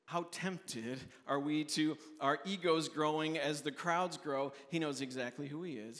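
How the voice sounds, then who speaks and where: A man's voice: measured pace, hardly any pauses, fairly bright tone, long reverb tail. A man preaching a sermon as pastor, earnest and conversational, often restarting his phrases. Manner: earnest, restarts often, voices quoted questioners in a raised pitch.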